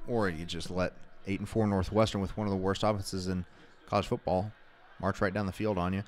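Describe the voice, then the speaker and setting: A man's voice: deep voice, level tone, brisk. A man co-hosting a casual watch party stream, calling plays and reading viewer comments aloud with a wry, exasperated manner.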